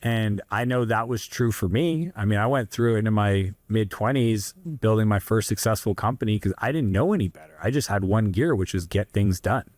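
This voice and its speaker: A man's voice: lowish voice, moderate pace, few pauses, a little mellow, no room sound. Earnest Canadian man telling his story. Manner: earnest, rambling, restarts and asides. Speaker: guest entrepreneur. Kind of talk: candid interview storytelling.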